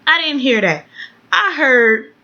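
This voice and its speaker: A woman's voice: sits high, expressive, slow pace, bright, forceful tone, lo-fi sound. A woman venting in a casual home vlog, blunt and outspoken, swearing freely. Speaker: vlogger.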